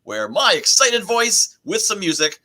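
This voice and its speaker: A man's voice: high voice, very animated, a little slow, pushed and bright. A man with a Northeastern American accent, hosting a podcast over a video call in a joking, upbeat way. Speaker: podcast host.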